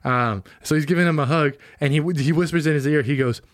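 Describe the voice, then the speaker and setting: A man co-hosting a casual podcast chat, an animated storyteller who acts out the quotes he recounts. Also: on the high side, fast. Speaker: podcast co-host.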